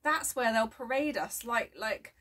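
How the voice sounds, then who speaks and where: A man's voice: extremely high pitch, animated, a little slow, pushed and bright, voice pushed up, heavily acted. A woman voicing a timid, easily frightened male sideshow performer with flippers, speaking anxiously, recorded from a distance.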